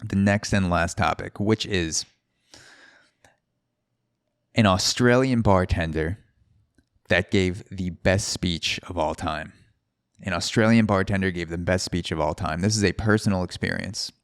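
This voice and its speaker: Deep-voiced man rambling through a story. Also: moderate pace, clear, resonant tone, no echo, clean studio sound. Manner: rambling, with restarts and swearing. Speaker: podcast host. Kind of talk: casual storytelling.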